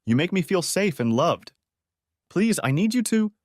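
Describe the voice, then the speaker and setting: A man's voice: mid-range voice, sing-song, measured pace, fairly bright tone, no room sound, clean studio sound. A man voicing a tearful young wife who pleads and insists after being caught cheating. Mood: pleading.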